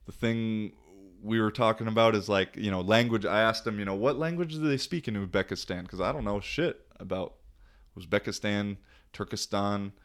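A man's voice: on the low side, fairly bright tone. A young man talking casually in a loose, slangy way, laughing often as he tells stories about living abroad. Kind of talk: casual vlog monologue.

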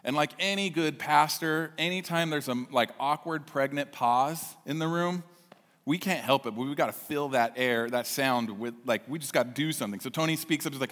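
Animated pastor in echoey hall. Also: male voice, fairly high pitch, moderate pace. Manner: animated, chatty storytelling. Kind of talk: sermon storytelling.

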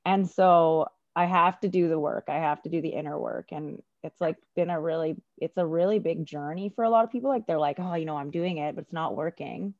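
A woman with a very low voice talks reflectively in a casual chat, leaning on filler words as she thinks aloud. The recording is muffled and lo-fi, with a dry, close sound. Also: brisk, few pauses, no echo. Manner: reflective, many fillers like "like" and "you know". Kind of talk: casual conversation.

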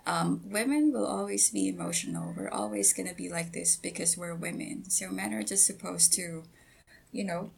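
A woman guest on a podcast, talking hesitantly with many pauses and fillers, and giggling. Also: on the low side, big pitch swings, vocal fry, husky. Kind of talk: casual podcast chat.

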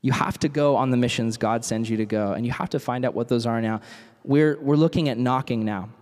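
A young man giving a casual, animated youth sermon full of stories and acted-out quotes. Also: medium pitch, brisk. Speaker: youth speaker. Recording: reverberant hall.

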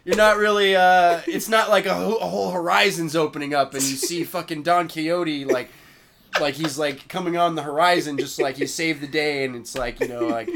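A man's voice: fairly high pitch, steady tone, fairly quick, fairly bright tone, slight background noise. Rambling, profane young man, chatting. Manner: rambling, profane, laughing often. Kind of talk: casual chat.

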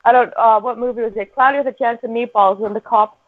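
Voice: medium pitch, steady tone, fast talker, dry recording. Chatty parent on a tinny line. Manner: laughing, chatty, filler-heavy with lots of "like". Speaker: parent on a podcast. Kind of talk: casual chat.

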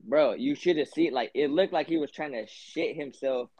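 A man's voice: a little high, moderate pace, darkish tone. A young man hosting a podcast, telling a long story in a rambling, profane way, full of fillers. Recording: dull lo-fi podcast audio.

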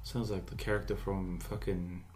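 A woman's voice: extremely low pitch, little pitch movement, normal speed, darkish tone. A woman co-hosting a casual chat, joking around and swearing casually, often breaking into laughs. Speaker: podcast co-host.

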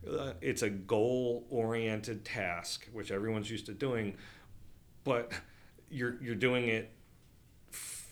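A man's voice: lowish voice, takes it slowly, pauses often. A middle-aged man chatting casually about outdoor trips, rambling with fillers and restarts. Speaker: outdoor program leader, veteran. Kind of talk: casual podcast chat.

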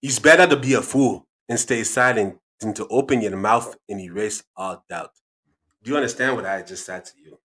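A man's voice: lowish voice, normal speed, fairly bright tone, lightly acted. A man voicing a stern, lecturing figure in a put-on African accent who hands out wise sayings and keeps asking if he is understood. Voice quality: commanding, repeats questions to the listener.

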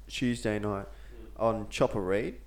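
Animated Australian man telling a yarn. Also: fairly low pitch, takes it slowly. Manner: animated storytelling, lots of fillers and swearing. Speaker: podcast co-host. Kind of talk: casual chat.

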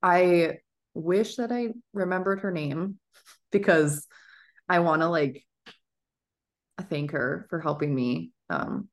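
A woman with a deep, low-pitched voice co-hosts a casual podcast. She tells stories in an easygoing, animated way, full of filler words. She sounds like someone in her thirties talking with a friend. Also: slow pace, pauses often. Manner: animated storytelling, chatty, with fillers. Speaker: podcast co-host. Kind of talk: casual chat.

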